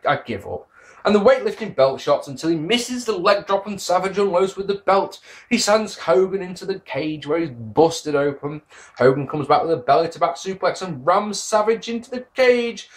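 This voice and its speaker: A man talks through a review in a loose, chatty way. He sounds sarcastic and exasperated and swears freely. His pitch moves a lot, rising high when he is annoyed. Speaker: wrestling reviewer. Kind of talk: casual spoken review.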